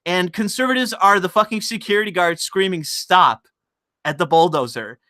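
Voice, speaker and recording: A man's voice: sits high, expressive, a little fast, bright, forceful tone. A man ranting sarcastically and with profanity on a live stream of political commentary, sometimes laughing at his own point.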